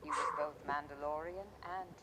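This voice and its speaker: An actor playing a solemn, armored keeper of old lore, speaking in a measured, grave way. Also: medium pitch, fairly even intonation, lightly acted. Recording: noisy clip played back.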